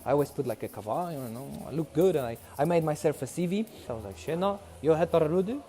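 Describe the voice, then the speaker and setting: A young Polish man with a Polish accent tells his story casually in a documentary interview, animated and acting out dialogue, restarting often. His voice is on the high side and he talks fast, with a little hiss or hum in the audio.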